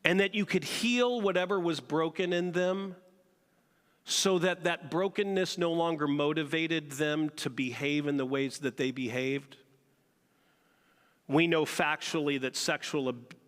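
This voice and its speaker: A man's voice: mid-range voice, fairly bright tone, in a large hall. A man preaching a sermon as pastor, talking conversationally and asking the congregation questions. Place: church sanctuary.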